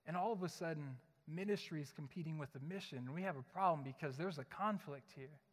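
High-voiced preacher in a reverberant church. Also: male voice, fast talker. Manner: conversational, joking, animated storytelling. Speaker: pastor. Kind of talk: sermon. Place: church sanctuary. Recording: long hall reverb.

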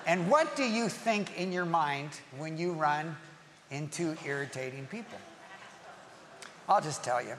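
High-pitched guy preaching, lots of playful acted-out voices, long hall echo. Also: measured pace, background noise. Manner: animated, acts out quoted voices and jokes with the congregation. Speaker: pastor. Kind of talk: sermon. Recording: long reverb of a large hall, faint ambience.

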